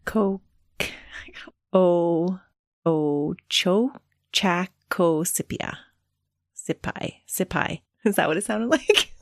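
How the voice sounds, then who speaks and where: A woman's voice: lowish voice, slow pace, dry recording, studio quality. A woman co-hosting a casual podcast, chatty and giggly, often tripping over her words. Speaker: podcast co-host.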